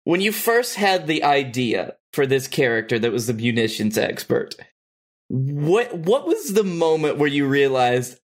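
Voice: medium pitch, big pitch swings, unhurried. An interviewer chatting casually, asking curious questions and laughing along. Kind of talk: casual podcast chat.

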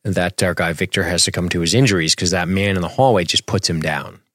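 Low voiced guy casually recapping a show on a podcast, dry close sound. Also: a little fast, no echo. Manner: relaxed, laughs often, reads chat questions. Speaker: podcast co-host. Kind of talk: casual chat recapping a TV episode.

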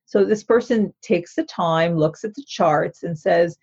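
A woman's voice: lowish voice, a little slow, hardly any pauses, a little mellow, slightly rough, muffled recording. A woman therapist explaining a mindfulness practice in an interview, in an earnest, instructive way that often checks in with the listener. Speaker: therapist author.

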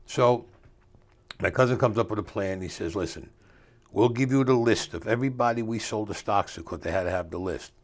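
An older man telling a story as an interview guest, in a streetwise way with rough grammar, acting out the voices of the people he quotes. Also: fairly low pitch, brisk.

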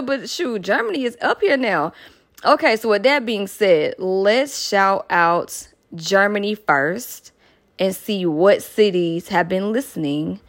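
A woman's voice: mid-range voice, lively intonation, slow pace. A woman from Atlanta hosting a podcast, chatting casually, laughing often and making playful asides. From Atlanta, Georgia. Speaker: podcast host.

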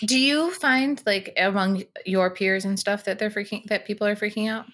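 A woman's voice: medium pitch, moderate pace, a bit bright. A woman in casual conversation, reflective and asking probing questions. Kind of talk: casual chat.

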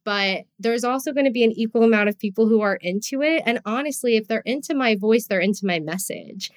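A woman podcast host with a New Jersey accent, talking in a casual, heartfelt and expressive way, often saying "like". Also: fairly high pitch, fairly quick. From US East Coast. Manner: expressive, heartfelt, frequent "like" fillers.

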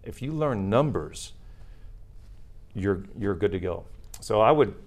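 Gravelly low-voiced man, rambling. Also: animated, slow, darkish tone. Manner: rambling, many fillers and restarts. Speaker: guest, retired Marine. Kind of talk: casual interview chat.

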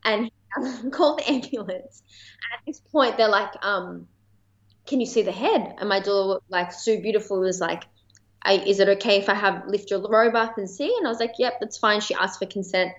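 An Australian woman speaks at an ordinary middle pitch, recounting her story in a relaxed, talkative way with plenty of "like" and "um" and laughter slipping in. The audio sounds slightly dull and lo-fi. She is a guest on a conversational podcast. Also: moderate pace. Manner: chatty, many fillers, laughs while telling. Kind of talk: casual personal storytelling.

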